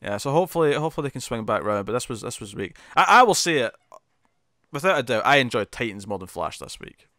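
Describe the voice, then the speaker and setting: An ordinary-pitched man co-hosting a casual TV review podcast talks in quick, animated bursts, repeating words with many fillers and restarts. The sound is dry and close, with no room sound.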